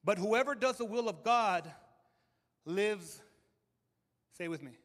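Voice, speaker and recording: A male pastor preaching a sermon to a live congregation, emphatic and animated, often repeating words as he builds a point. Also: sits high, slow. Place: church hall with audience. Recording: long reverb of a large hall.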